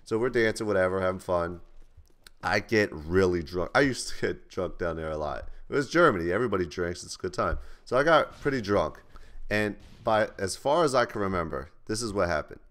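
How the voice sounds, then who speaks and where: A young man with a low, deep voice tells rambling stories to his viewers. His delivery is loose and profane, full of restarts. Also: lively intonation, brisk, a bit bright. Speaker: vlogger. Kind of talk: casual storytelling to camera.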